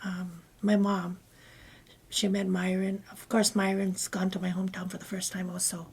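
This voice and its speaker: A woman guest telling a personal story in conversation, rambling and often dropping into breathy half-whispered asides. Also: mid-range voice, monotone, moderate pace, darkish tone. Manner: meandering, with many fillers and restarts. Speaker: interview guest.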